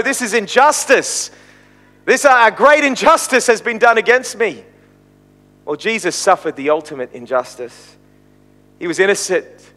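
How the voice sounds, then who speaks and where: A man's voice: high-pitched, a bit bright, in a large hall. A man preaching a sermon, retelling the story and quoting it with rising emphasis.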